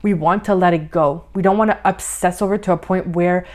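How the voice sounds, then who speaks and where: A life coach with a lowish, steady voice talks fairly quickly through a guided coaching lesson on her podcast. She's warm and encouraging, says "like" often, and sounds a little out of breath.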